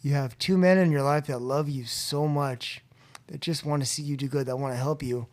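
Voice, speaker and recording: Podcast guest, male, somewhat high voice; lively storyteller who acts out quotes, then drops quiet. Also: moderate pace. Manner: animated, acts out quotes with rising pitch and loudness; drops to a quiet, low voice when reflective. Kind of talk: storytelling in a recovery podcast interview. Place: room at a convention.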